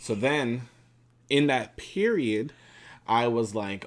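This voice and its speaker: A man's voice: medium pitch, animated, slow pace, pauses often. A young adult man in casual vlog chat with his wife, talking in a laid-back, reflective way. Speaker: vlogger and husband.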